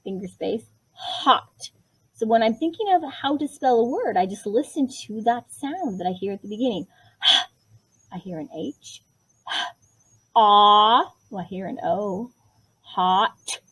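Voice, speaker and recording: A woman leads a kindergarten writing lesson, patient and encouraging. Her voice sits a little high with a breathy, husky edge. She sounds out each word slowly for the children. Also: a little mellow, rough recording. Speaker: kindergarten teacher.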